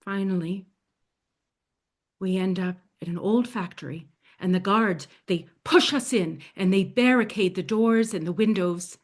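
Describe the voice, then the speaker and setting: Slow, hushed woman storyteller. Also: mid-range voice. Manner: hushed, often sinking to a soft near-whisper. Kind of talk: dramatic first-person storytelling.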